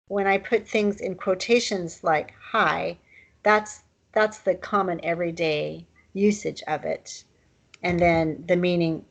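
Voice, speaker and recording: A woman's voice: on the low side, vocal fry, low-quality recording. A woman teaching a recorded online language lesson in a casual, chatty way, with fillers and asides.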